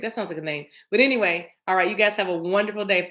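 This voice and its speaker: A woman's voice: fairly low pitch, steady tone, very fast, hardly any pauses, a bit bright. Chatty woman giving a live tarot reading. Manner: chatty, affectionate, laughs often. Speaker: tarot reader on a livestream. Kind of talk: casual livestream tarot reading.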